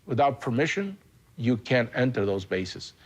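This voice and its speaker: A man in a documentary interview giving a measured, explanatory account. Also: mid-range voice, sing-song.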